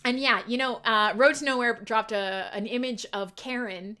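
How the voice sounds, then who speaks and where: Woman host, live stream radio chat, sparkling bright tone, loose and irreverent, laughs a lot. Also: a little high, steady tone, normal speed. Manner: laughs often, irreverent and swearing.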